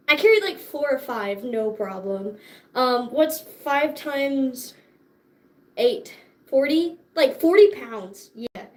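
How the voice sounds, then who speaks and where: A young woman chats casually on a livestream with a bright, high voice. She talks at an unhurried, drawn-out pace, swearing freely and breaking into laughter often. She sounds tired and sore. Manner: bubbly, profane, laughs often. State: tired and sore after dance class. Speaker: livestream host.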